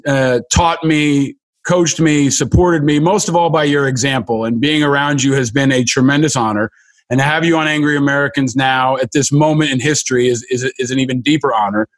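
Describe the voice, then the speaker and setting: A man hosting an interview, gushing with praise and often restarting his sentences. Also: on the high side. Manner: gushing, halting with many restarts. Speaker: podcast host.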